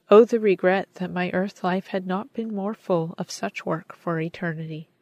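Woman reading a story, measured and earnest, low voice, dry sound. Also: no echo. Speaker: audiobook narrator. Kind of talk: scripted narration.

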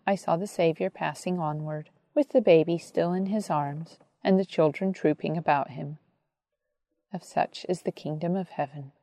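Give me a calm, reverent woman narrator with a low, warm tone. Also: no echo. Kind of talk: audiobook narration.

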